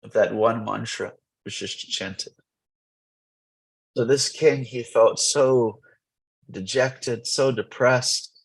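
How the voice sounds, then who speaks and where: A man leads a morning scripture class in a temple, spinning an old legend for his listeners. His voice is husky and mid-pitched. He tells the story with animation, often trailing off and restarting his phrases. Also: steady tone, slow pace, pauses often, poor audio.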